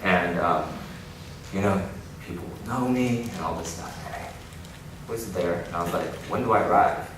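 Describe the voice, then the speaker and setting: Deep-voiced man giving a keynote in an echoey hall. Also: a little slow. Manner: animated storytelling with frequent laughs. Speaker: keynote speaker. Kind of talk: inspirational keynote talk. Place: large conference hall. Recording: echoey hall, distant mic, noisy.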